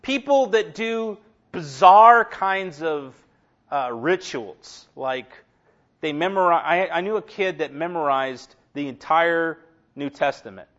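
A middle-aged man preaches in a loose, joking way, full of asides and stories. His voice sits a bit high for a man, and the recording is dull and lo-fi. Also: slow. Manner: humorous, animated storytelling with asides. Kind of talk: conversational sermon.

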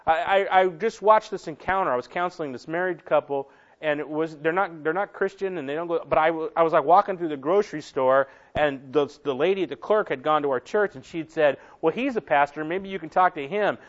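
Male pastor preaching, higher voice. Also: brisk. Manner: conversational, repeats and restarts words. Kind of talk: sermon. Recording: dull lo-fi recording.

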